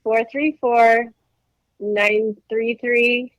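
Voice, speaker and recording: A woman's voice: fairly high pitch, flat delivery, very slow, no room sound, low-quality recording. A woman co-hosting a podcast with a sore throat while she recovers from an illness, reciting answers from memory. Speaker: podcast co-host. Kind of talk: casual podcast chat.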